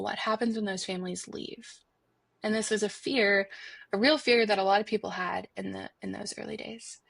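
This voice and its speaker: A woman's voice: medium pitch, gravelly, fairly bright tone, dry recording. A woman guest on a podcast interview, speaking in an earnest, heartfelt way with frequent restarts. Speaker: guest, foundation institute director.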